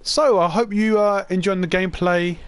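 A man hosting a gaming channel, giving chatty, excitable commentary while he plays and talking to his viewers. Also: sits high, moderate pace, clean tone. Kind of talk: casual gameplay commentary.

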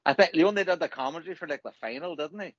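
A man with a Derry accent hosts a casual chat, swearing freely and spinning stories. His voice sits a touch high. The sound is dry and lo-fi. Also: very fast, dry recording. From Northern Ireland. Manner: swearing, joking storyteller. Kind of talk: casual banter.

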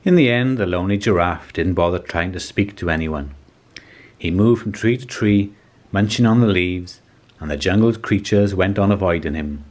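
A man with a deep, low voice reads a children's picture book aloud. His storytelling is calm and measured, with steady pacing suited to young listeners. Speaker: storybook reader.

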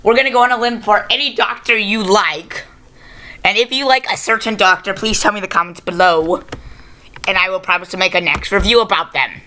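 Woman host, bright voice, rambling off-the-cuff reviewer who corrects herself mid-sentence. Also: medium pitch, brisk. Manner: rambling, unscripted, self-correcting. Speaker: video reviewer. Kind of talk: casual improvised video review.

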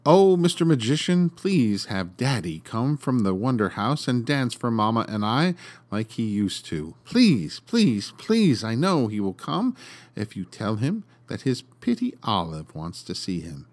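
A man's voice: medium pitch, big pitch swings, takes it slowly, a little mellow, voice pushed up. A man voicing a small girl in a told story, tremulous and pleading. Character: tearful little girl pleading for her father.

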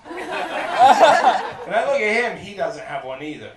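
A man's voice: high voice, slow. A young man performing a stand-up comedy set, telling a story and acting out the people in it. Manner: animated storytelling, acts out characters. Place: comedy club. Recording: echoey club, distant mic, loud crowd laughter.

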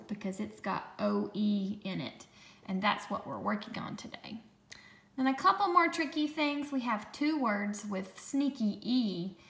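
A woman teacher giving a phonics lesson to children, speaking slowly and patiently and sounding out each dictation sentence word by word. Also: medium pitch, gravelly, fairly bright tone, reverberant.

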